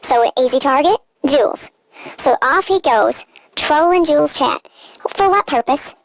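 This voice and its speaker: A woman's voice: high voice, expressive, a little slow, no room sound, rough recording. A woman narrating a scripted commentary in a sarcastic, mocking tone, full of dramatic rhetorical questions. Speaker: commentary channel host.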